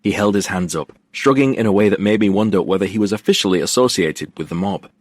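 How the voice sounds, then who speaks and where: A man's voice: fairly low pitch, quick pace, no echo, close to an everyday voice. A man voicing a blunt, threatening casino enforcer in an audiobook, in a raised, mocking voice. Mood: laughing.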